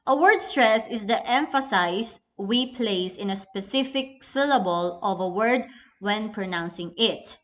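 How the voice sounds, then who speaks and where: A woman's voice: medium pitch, measured pace, fairly bright tone. A young woman with a Filipino accent teaching an English lesson in a recorded class, patient and instructive, often addressing the class as everyone.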